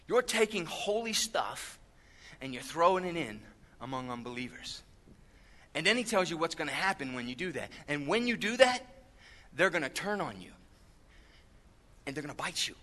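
High bright-voiced male preacher. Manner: conversational preaching with frequent rhetorical asides. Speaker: pastor. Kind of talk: sermon.

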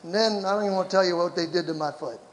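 A middle-aged man preaching a sermon, animated and shouting to his congregation. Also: sits high, rapid-fire, a little hiss or hum. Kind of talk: sermon with personal story. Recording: large hall with long reverb.

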